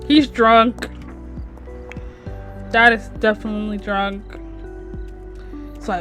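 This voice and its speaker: A woman's voice: mid-range voice, steady tone, slow pace, long pauses, fairly bright tone, faint music behind. A woman giving casual, offhand commentary on her life-sim gameplay as channel host. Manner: chatty, offhand.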